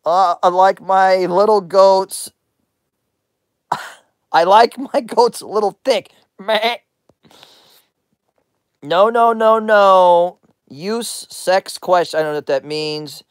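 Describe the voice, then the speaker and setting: A woman's voice: medium pitch, fairly even intonation, takes it slowly, pauses often, no room sound, studio quality. A woman hosting a rambling livestream, crude and teasing as she answers her chat, often breaking into laughter. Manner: crude, teasing questions at chatters. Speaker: livestream host.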